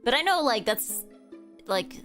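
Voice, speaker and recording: A woman gives playful, self-mocking commentary as she plays a video game, wandering off into rambling asides. Her voice is fairly high and swings widely in pitch, at an unhurried pace. Game music plays faintly under her talk. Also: big pitch swings, fairly bright tone. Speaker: game streamer. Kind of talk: let's-play commentary.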